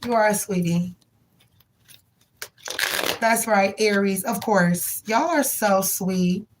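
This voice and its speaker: A woman's voice: mid-range voice, takes it slowly. Slangy woman reading tarot on a live stream, chatty and sweet, bit of hiss behind her. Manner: rhythmic chanted prayer. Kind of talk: casual live-stream chat with viewers.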